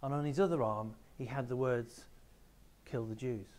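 A stern barman gives curt orders and firm explanations, as a teacher quotes him in his own voice. His delivery is plain and firm and sits at an ordinary pitch. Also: steady tone, normal speed, a little mellow, natural voice. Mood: explaining. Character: stern male pub barman.

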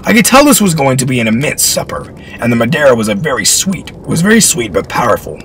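A man reading historical fiction aloud in an expressive storytelling style. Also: medium pitch, quick pace, faint music behind, rough recording.

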